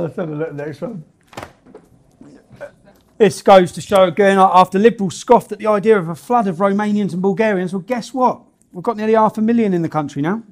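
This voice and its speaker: A man with a fairly high voice reads out news stories and rails against them. His delivery is blunt and indignant, and he is full of slang and swear words. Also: a little mellow. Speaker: vlogger reading out news stories. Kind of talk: ranting commentary on news.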